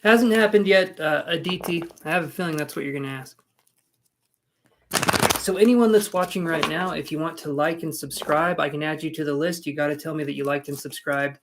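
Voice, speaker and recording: A man's voice: on the high side, fairly even intonation, fairly quick, noisy background. A man giving live-stream tarot readings, chatty and rambling, making jokes at his own expense. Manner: rambling, self-mocking, chatty. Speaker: tarot reader.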